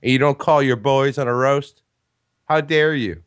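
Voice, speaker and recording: Loud profane podcast co-host. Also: male voice, medium pitch, moderate pace, smooth. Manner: loud, profane, laughs often. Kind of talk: casual crude chat.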